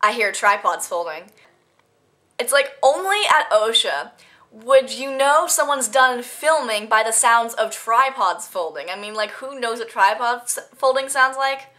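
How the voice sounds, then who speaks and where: A teenage girl chats to her camera without a script, telling one story after another. Her voice sits a little high and sounds bright and forward. She rambles, laughs easily and keeps it casual. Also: measured pace. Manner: chatty, giggly, rambling storytelling. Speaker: vlogger. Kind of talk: casual unscripted vlog chat.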